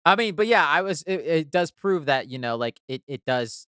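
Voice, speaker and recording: Smooth, upbeat man chatting. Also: fairly high pitch, lively intonation, moderate pace, a bit bright, no echo, studio quality. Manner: enthusiastic, laughs often, swears casually. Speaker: podcast co-host. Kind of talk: casual chat.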